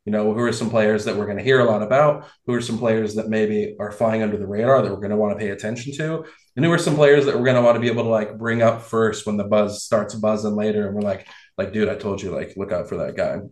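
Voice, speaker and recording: A man hosting a casual sports podcast, animated and quick to laugh, with frequent restarts. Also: on the low side. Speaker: podcast host. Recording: roomy echo.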